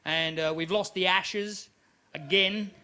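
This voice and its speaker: An Australian man in his thirties doing live stand-up comedy, animated and quick to jump into loud character voices. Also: high-pitched, clean tone. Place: comedy club stage.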